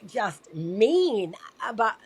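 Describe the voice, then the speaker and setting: A woman guest telling a personal story in conversation, animated and acting out quoted dialogue. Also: mid-range voice, very slow, slightly rough. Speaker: podcast guest.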